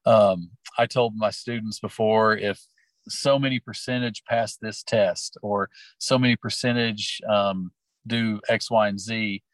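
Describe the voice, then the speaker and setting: A man's voice: lowish voice, fairly even intonation, a little slow, dry recording. A man who teaches and coaches, talking casually in an interview about his classroom, rambling with lots of fillers. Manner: chatty, storytelling, lots of fillers.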